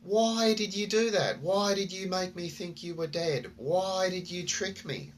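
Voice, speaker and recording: A man's voice: high-pitched, measured pace, a little hiss or hum, pitched above the performer's own voice. A man voicing a startled traveller in his story, asking questions in agitation. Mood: indignant.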